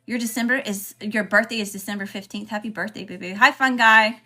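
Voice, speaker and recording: A woman talks her way through a spiritual livestream in a relaxed, chatty way, calling out viewers by name and saying y'all. Her voice is bright and a little sharp. Soft music plays faintly behind her. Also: medium pitch, fairly quick. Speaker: spiritual reader hosting a livestream. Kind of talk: casual livestream chat.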